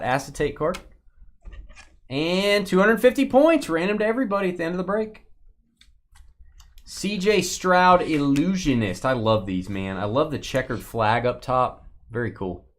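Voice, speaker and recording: A man's voice: medium pitch, fairly bright tone. A man hosting a live sports card break stream, joking with viewers and chatting as he opens packs. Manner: jokey, reads out viewer names and teams, banters with chat; chatty asides about cards as he opens packs. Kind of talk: casual live-stream commentary.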